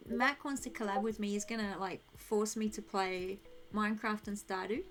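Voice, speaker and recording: A woman's voice: mid-range voice, steady tone, normal speed, soft background music. A young woman streaming a game, chatting casually and thinking aloud while she answers her chat.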